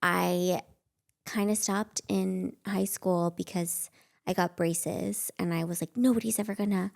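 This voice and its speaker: Gravelly-voiced woman telling rambling stories. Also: on the low side, level tone, slow, a little mellow. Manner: rambling storytelling, many fillers like "like". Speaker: podcast guest, actress. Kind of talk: casual chat.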